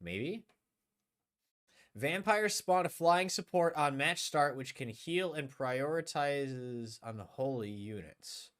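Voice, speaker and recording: A young man streaming a game live, chatting casually and thinking aloud, often trailing off quietly. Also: medium pitch, animated, takes it slowly.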